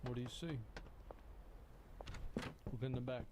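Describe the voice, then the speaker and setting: A man's voice: medium pitch, fairly even intonation, measured pace, background noise. A man in his thirties, a streamer reacting to a video with blunt, rambling, swear-heavy commentary. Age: 30s. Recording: clicking sounds in the background.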